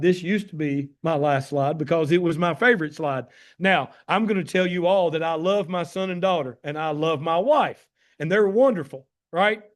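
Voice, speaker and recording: A man in his fifties with a Southern Tennessee drawl and a fairly high-set voice. He tells personal stories warmly and with emphasis, and he keeps calling his listeners "guys." His manner is folksy and heartfelt. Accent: Tennessee Southern American. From Tennessee, USA. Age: 50s. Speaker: addiction medicine doctor giving a talk. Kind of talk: personal storytelling presentation on a call.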